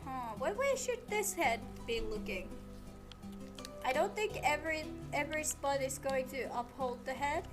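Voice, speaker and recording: A woman's voice: sits high, animated, a little slow. A woman streamer giving casual commentary while building in a game, talking to the game and repeating herself when it won't cooperate. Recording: game music playing underneath.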